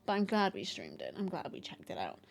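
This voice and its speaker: A woman's voice: lowish voice, huge pitch swings, fairly quick, vocal fry. A woman chatting casually to her live stream audience, rambling and self-deprecating, laughing often.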